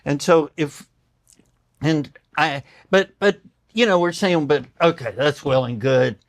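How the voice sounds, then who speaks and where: An older doctor, here as a guest, narrates stories in conversation at a measured pace and fairly high pitch. Animated, he acts out the quoted voices and tears up. The recording is dry.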